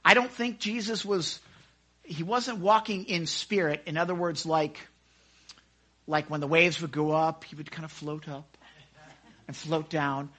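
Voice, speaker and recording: A man leading a casual Bible study into a microphone, excitable and chatty, often acting out the scenes he describes. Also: on the high side, measured pace, long pauses. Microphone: handheld microphone.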